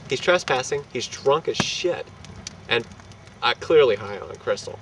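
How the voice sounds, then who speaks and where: A young man telling a rowdy anecdote in casual, profane, animated fashion, laughing between lines. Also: mid-range voice, a little slow. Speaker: storyteller. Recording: distant mic with street and traffic noise.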